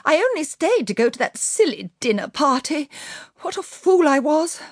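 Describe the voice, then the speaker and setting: A high, frantic young mother in a storybook reading, put on by a woman narrator. Her voice leaps up into a bright, breathless pitch and swings wildly as she pleads. The sound is dry and close. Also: very animated, moderate pace, dry recording. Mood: distraught. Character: frightened young mother, high-strung lady.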